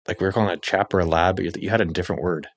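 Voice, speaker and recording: A man's voice: low-pitched, fairly even intonation, very fast, no room sound, clean studio sound. A man hosting a casual interview, asking friendly, rambling questions. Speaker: host.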